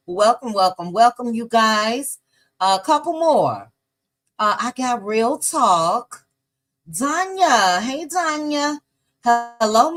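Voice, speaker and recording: A woman hosting a casual livestream, chatty and warm toward her viewers, greeting each one by name as she scrolls the chat. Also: a little high. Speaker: livestream host.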